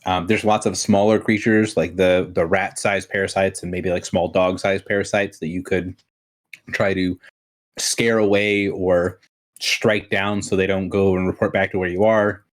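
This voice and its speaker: A man narrating and explaining options as game master of a tabletop game, in a relaxed, rambling way. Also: low voice, moderate pace.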